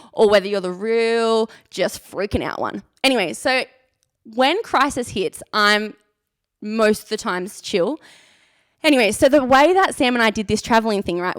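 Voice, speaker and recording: A woman's voice: a little high, a bit bright, dry recording, studio quality. Chatty young woman telling a story. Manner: chatty, self-mocking, lots of "like". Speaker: youth leader. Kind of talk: casual storytelling on a live stream.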